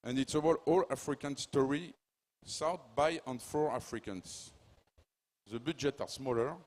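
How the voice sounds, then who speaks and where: A man with a strong French accent giving a halting, apologetic panel speech about film distribution. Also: medium pitch, darkish tone. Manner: halting, apologetic, self-deprecating.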